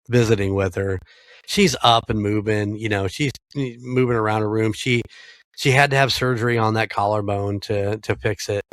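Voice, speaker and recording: A middle-aged American man with a lowish voice, telling a story to his co-host in a loose, profane way. The sound is dry and close. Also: no echo. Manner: storytelling, swears freely, acts out quoted lines. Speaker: podcast co-host. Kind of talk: casual chat.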